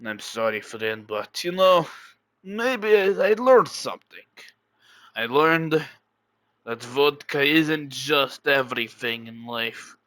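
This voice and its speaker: A man voicing a sentimental male contestant giving a slow, heartfelt farewell. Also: medium pitch, animated, fairly bright tone, no room sound, low-quality recording.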